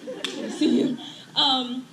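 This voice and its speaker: A woman's voice: high-pitched, steady tone, slow pace. Female teacher, graduation speech, giggly and teary, noisy echoey outdoor sound. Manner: emotional, laughing often, playful teasing. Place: outdoor ceremony with crowd.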